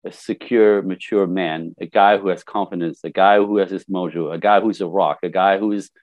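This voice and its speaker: Older man, low dry voice. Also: moderate pace, no room sound, narrow, tinny audio. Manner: animated storyteller, acts out quotes. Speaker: life coach. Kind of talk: conversational interview.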